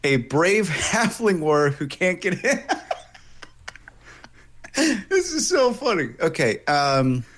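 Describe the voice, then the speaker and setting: A man, a voice actor and game master, explaining voice tricks in a relaxed interview. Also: sits high, takes it slowly, long pauses. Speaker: voice actor and dungeon master, guest. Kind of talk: casual interview chat.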